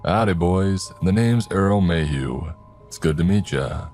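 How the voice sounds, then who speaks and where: A man voicing a folksy older man in a cowboy hat, a drawling, friendly property owner who talks slowly. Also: sits low, animated, a little mellow, faint music behind. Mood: genial.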